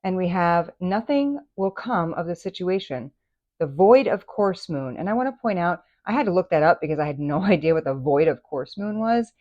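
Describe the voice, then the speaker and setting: Woman, tarot reader, casual chat, lowish voice, chatty, muffled recording. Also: moderate pace. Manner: chatty, animated, many fillers.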